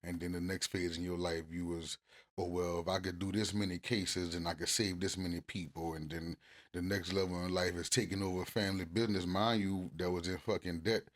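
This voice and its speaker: A man co-hosting a couples podcast, talking casually and cursing freely, getting loud and animated when he acts out arguments. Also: low voice, fairly quick. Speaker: podcast co-host.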